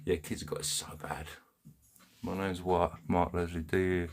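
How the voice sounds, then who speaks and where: A man's voice: low-pitched, little pitch movement, normal speed. A man with an English accent hosting a casual live stream, chatting bluntly in heavy slang, laughing often and reading out viewers' comments from his home. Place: home, indoors.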